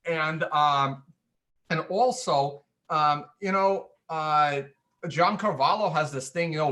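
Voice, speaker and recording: A man's voice: fairly high pitch, takes it slowly, bright, forceful tone. Chatty man hosting a crypto podcast. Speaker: podcast host. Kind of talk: casual chat.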